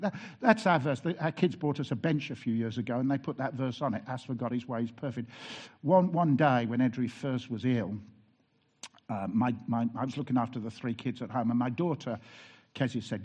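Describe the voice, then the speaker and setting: A man's voice: medium pitch, darkish tone, husky. A man, a pastor preaching a sermon and telling personal stories in an earnest way, with wry asides and frequent restarts.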